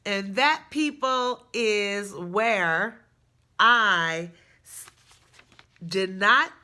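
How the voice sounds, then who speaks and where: Woman, personal storytime, slow unhurried delivery, bright tone, animated retelling. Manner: chatty, animated retelling with bursts of high excitement.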